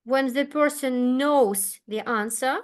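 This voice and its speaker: A woman teaching an English lesson, speaking patiently and clearly. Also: high voice. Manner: patient, slow and clear, with frequent okays. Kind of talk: online one-to-one English lesson.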